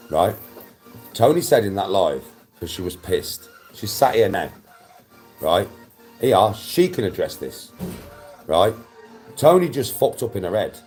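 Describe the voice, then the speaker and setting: A man's voice: low-pitched, a little mellow. A young man, chatting on a livestream, blunt and defensive, swearing often. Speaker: livestream host. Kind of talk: casual livestream chat.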